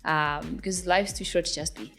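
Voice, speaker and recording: A woman's voice: low voice, steady tone, moderate pace, gravelly, sharp tone. Young woman from Zimbabwe, singer as interview guest, chatty, laughs often, faint music behind. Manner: chatty and giggly, with many fillers. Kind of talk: casual interview answers.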